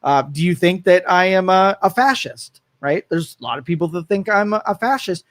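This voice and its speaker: A man's voice: sits high, normal speed, dry recording. A man co-hosting a talk radio show, opinionated and rambling, posing rhetorical questions. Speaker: co-host. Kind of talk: casual talk radio chat. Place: radio studio.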